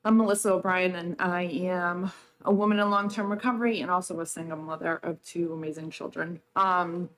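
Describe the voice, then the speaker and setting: A woman's voice: lowish voice, steady tone, fairly quick, a bit bright. Emotional hesitant woman testifying. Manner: emotional, hesitant, many ums. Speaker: public witness. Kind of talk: public testimony. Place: state senate hearing room.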